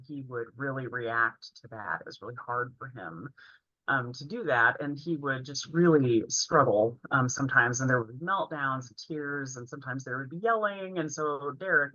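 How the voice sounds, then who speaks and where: A woman's voice: very deep voice, pushed and bright, no room sound. A woman in her forties telling a heartfelt personal story in an earnest way while presenting a training session. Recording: dull, lo-fi, dry sound.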